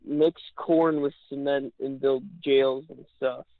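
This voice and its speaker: A man's voice: mid-range voice, little pitch movement, slow pace, no room sound. A man co-hosting a livestream, joining in casual profane jokes over a call. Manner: jokey, builds on bits, swears. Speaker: co-host on a livestream. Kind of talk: casual comedic chat. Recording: dry, phone-like call audio.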